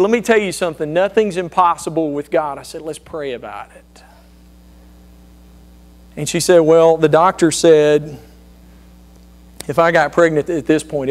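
A man in his thirties preaching a sermon, telling personal stories in an earnest, conversational way with frequent restarts. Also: on the high side. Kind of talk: sermon storytelling.

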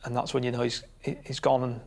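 Gravelly, halting man recalling a loss. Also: mid-range voice, completely flat delivery, darkish tone. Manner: halting, with restarts. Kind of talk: recounting a personal tragedy.

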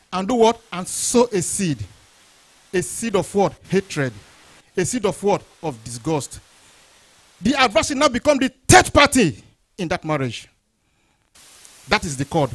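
A male pastor preaching a sermon, throwing out questions and answering them, swinging between loud high lines and low quiet ones. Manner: call-and-response questions, rising then dropping low.

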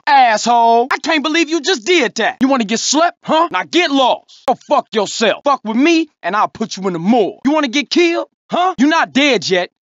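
A man's voice: very high-pitched, fairly bright tone, no echo, dull audio, full character voice. An actor playing a hot-tempered young male street gangster in a video game, barking aggressive, taunting slang.

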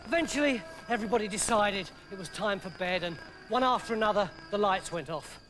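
A male storyteller narrates with playful energy, swinging between brisk, lively passages and hushed, quiet moments. Music plays under his voice throughout. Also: high voice. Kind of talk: scripted dramatic narration.

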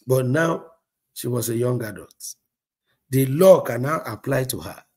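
A man preaching a sermon as pastor, telling a story in an animated way, acting out dialogue and chuckling often. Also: medium pitch, a little slow, husky.

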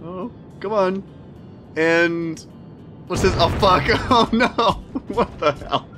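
A man hosting a gameplay video, reacting excitedly as he plays, laughing often and swearing when things go wrong. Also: high-pitched, takes it slowly, over music. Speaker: gaming video host. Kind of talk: let's play commentary.

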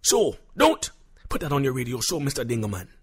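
An actor playing an excitable male radio caller with a put-on Jamaican accent, husky and ranting, stammering and breaking into shouts. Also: mid-range voice, fairly quick. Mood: apologetic.

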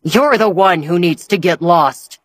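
A woman reading the lines of a stern but loving old grandfather who speaks in a heavy, measured way. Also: low-pitched, slightly rough, no room sound. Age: older.

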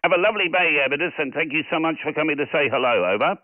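A man's voice: fairly high pitch, expressive, a little hiss or hum. A man from Scotland running a ham radio session, trading call signs and signal reports with friendly, easy chat. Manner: friendly, quick call handling. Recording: tinny radio audio.

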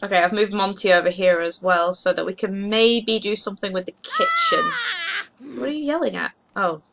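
A young woman giving casual, excitable commentary while playing a life-simulation game, gushing over cute pets. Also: medium pitch, normal speed, slight background noise. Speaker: gaming video host.

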